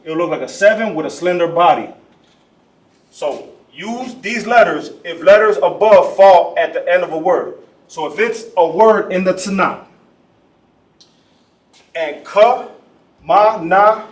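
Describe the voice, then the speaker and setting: A man teaching a class in a casual way, often saying boom and trailing off quietly. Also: a little slow, long pauses. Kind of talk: casual classroom letter lesson. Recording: echoey room, mic at a distance.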